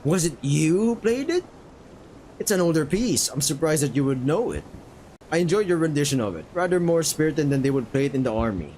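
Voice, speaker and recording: A man's voice: fairly high pitch, big pitch swings, a little fast, darkish tone, a little hiss or hum. A man voicing a refined, bookish male painted dog who talks formally and rambles politely about music history.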